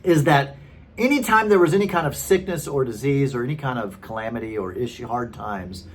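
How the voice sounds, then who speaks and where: A man's voice: medium pitch, a little fast. A man in his thirties, a former pastor, telling his story casually and rambling with many fillers. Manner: chatty and rambling, many fillers and restarts, frequent laughs.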